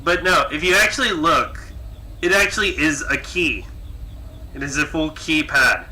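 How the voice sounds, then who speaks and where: A young man giving let's play commentary, with animated, sarcastic, quick reactions. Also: a little high, low-quality recording. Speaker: gaming video creator.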